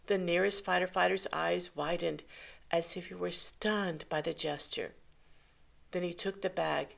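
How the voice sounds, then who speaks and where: A woman reading a short story aloud in a gentle, measured way. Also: on the low side, steady tone, creaky. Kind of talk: scripted story narration.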